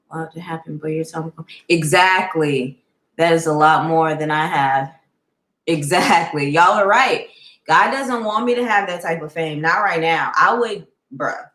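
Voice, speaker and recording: A woman's voice: on the low side, fairly bright tone, reverberant, poor audio. A woman chatting casually on a live stream, speaking heartfelt and straight to her viewers and answering their comments.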